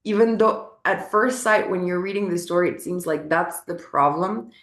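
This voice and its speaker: A woman's voice: fairly low pitch, moderate pace, a bit bright. A young adult woman teaching, telling stories with animation and acting out the voices she quotes. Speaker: spiritual teacher. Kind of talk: casual teaching talk. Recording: echoey room.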